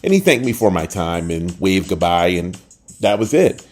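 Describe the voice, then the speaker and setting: An older man with a deep, low voice tells a personal story in a relaxed, chatty way. He slips into the voices of the people he quotes and grows quieter and gentler toward the end. Faint music sits under his close podcast mic. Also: normal speed. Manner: animated, acts out quoted voices, trails off at the end. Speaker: podcast host. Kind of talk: casual storytelling.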